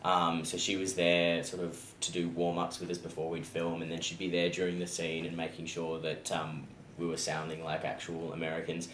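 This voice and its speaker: A man's voice: sits low, monotone, normal speed, few pauses, fairly bright tone. A young Australian man, an actor being interviewed, answering casually and easygoingly with frequent ums. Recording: echoey room with faint noise.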